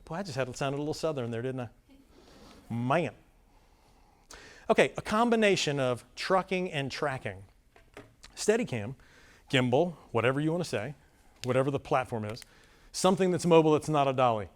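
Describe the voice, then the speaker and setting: A man leading a live filmmaking workshop for an audience, talking in a rambling, self-deprecating, animated way. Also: medium pitch, normal speed, pauses often. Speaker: workshop presenter. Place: conference room before a live audience.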